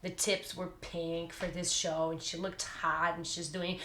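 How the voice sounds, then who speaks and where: A woman's voice: on the low side, level tone, unhurried, pushed and bright, a little hiss or hum. A woman hosting a casual podcast interview, enthusiastic, swearing casually and laughing often. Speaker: podcast host. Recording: roomy echo.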